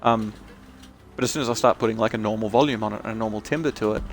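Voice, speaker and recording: A male streamer chatting casually while he plays, rambling and restarting, his voice croaky and tired. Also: fairly low pitch, very fast, soft background music. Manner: rambling, many restarts and fillers. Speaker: game streamer. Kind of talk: casual chat while gaming.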